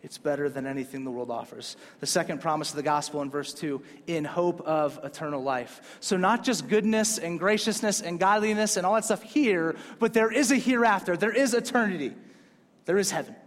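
A pastor delivers a sermon fairly quickly in a slightly high voice. He keeps things casual and conversational, then climbs hard for emphasis on important points, and the hall adds long reverb.

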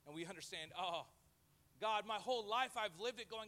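Male pastor, high bright voice, lively joking sermon delivery. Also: normal speed. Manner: lively and jokey, acts out quoted voices. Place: church before a live audience.

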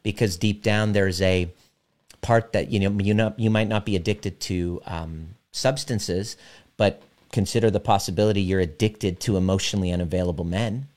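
A man working as a relationship coach, talking directly and emphatically to a live audience and slowing down to guide a visualization. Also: fairly low pitch, steady tone, a little mellow.

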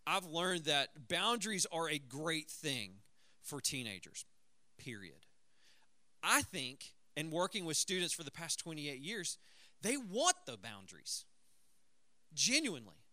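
A middle-aged man, a high school pastor, giving a conversational, self-deprecating talk to parents with stories and asides to the audience. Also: sing-song, a little slow, bright, forceful tone, no room sound.

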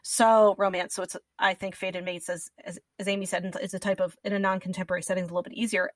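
A woman's voice: mid-range voice, little pitch movement, fast talker, no echo, clean studio sound, distant mic. A woman co-hosting a podcast, chatting in a gushing, enthusiastic way with lots of restarts. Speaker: podcast co-host. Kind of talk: casual podcast chat.

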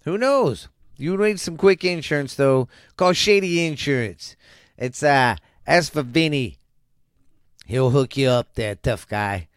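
A man's voice: mid-range voice, measured pace, smooth, no room sound, studio quality, close to an everyday voice. A man voicing a brash, cursing tough-guy insurance salesman in a comic fake ad. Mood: sleazy swagger.

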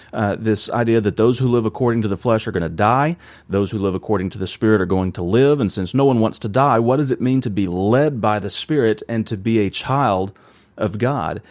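A man in his thirties delivers a sermon in a low-pitched voice. He talks to the congregation earnestly and conversationally, asking rhetorical questions as he goes. The sound is dry and close, with little room around it. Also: darkish tone, dry recording. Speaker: preacher.

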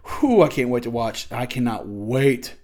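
A man hosting a casual wrestling review show. He talks excitedly and acts out the wrestlers' and commentators' lines as he recaps the matches. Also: mid-range voice, unhurried. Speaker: wrestling podcast host.

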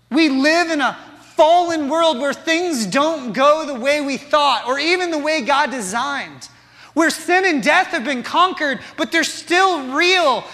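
A man's voice: very high-pitched, bright, forceful tone, long reverb tail. A man preaching a sermon, impassioned and asking the congregation rhetorical questions. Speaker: pastor.

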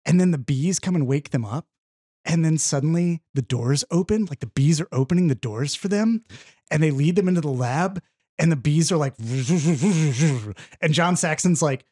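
Podcast guy with a higher voice, laughing his way through a movie recap, doing little voices for the characters. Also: a little slow, slightly rough. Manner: animated, laughs often, acts out quoted lines. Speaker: podcast host. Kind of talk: casual chat, retelling a film plot.

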